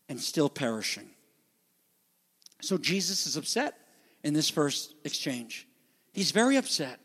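A man preaching a sermon as pastor, emphatic and ad-libbing with drawn-out stresses. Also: sits high, big-room sound.

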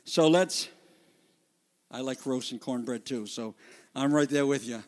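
A man preaching a sermon as pastor, emphatic and ad-libbing with drawn-out stresses. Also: medium pitch, a little mellow, big-room sound.

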